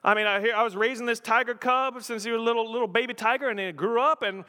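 Man voicing a flustered tiger owner, high voice, loud, rambling, church hall reverb. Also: quick pace. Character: rattled middle-aged man who raised a tiger.

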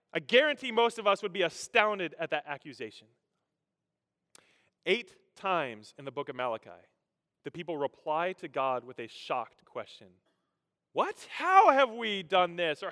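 Bright-voiced pastor preaching in a hall. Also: male voice, a little high. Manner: storytelling, animated, humorous, with vocal sound effects. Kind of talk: sermon. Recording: echoey hall.

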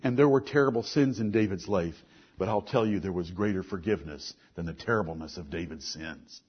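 A middle-aged man preaching a sermon, earnest, moving between soft asides and forceful lines. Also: deep voice, fairly quick, breathy edge, lo-fi sound.

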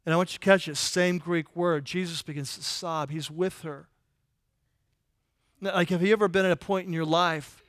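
A man with a high-pitched voice preaching a sermon in a conversational way. He asks his listeners rhetorical questions and turns soft and quiet in tender moments. The recording is dry, with little room sound. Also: dry recording. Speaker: pastor.

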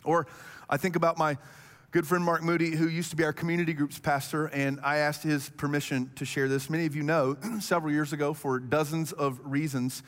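A man in his thirties preaching a sermon, telling stories with animated energy and speeding up when he gets excited. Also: on the high side, a little fast, long reverb tail. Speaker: pastor.

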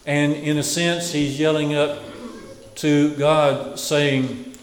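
A man preaching a sermon who repeats key phrases and lets them fall to a hush. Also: fairly high pitch, flat delivery, slow, echoey room, long reverb tail, poor audio.

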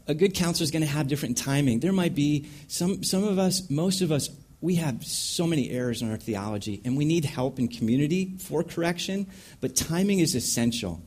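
A man leading a panel talk on counseling, teaching from scripture in a lively way and acting out scenes with sound effects. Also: on the high side, a little fast.

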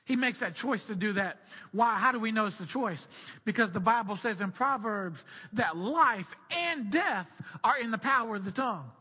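High-voiced, husky preacher in a reverberant hall. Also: male voice, expressive, normal speed, pushed and bright. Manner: repeats key phrases for emphasis; explains scripture in a teaching tone. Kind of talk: sermon.

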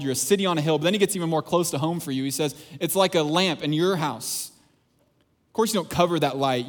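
A man preaching a sermon as pastor, earnest and emphatic, repeating phrases for weight and dropping into quieter asides. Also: mid-range voice.

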